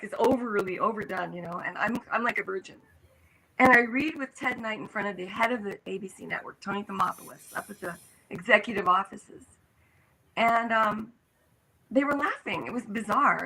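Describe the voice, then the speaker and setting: A woman's voice: medium pitch, a little hiss or hum, poor audio. An older woman, an actress, telling anecdotes in an interview and acting out the voices of the people she quotes. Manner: animated, acts out quoted voices. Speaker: guest actress. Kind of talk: storytelling in an interview.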